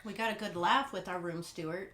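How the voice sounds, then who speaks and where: A woman's voice: fairly low pitch, fairly quick, a bit bright. A woman co-hosting a travel vlog who chimes in casually with brief agreements. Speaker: vlog co-host. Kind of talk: casual chat.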